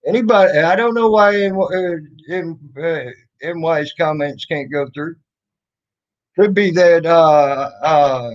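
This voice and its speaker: A man's voice: on the high side, takes it slowly. A man hosting a livestream, talking casually in a mocking, sarcastic way with rambling restarts. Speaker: livestream host. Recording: dull lo-fi stream audio.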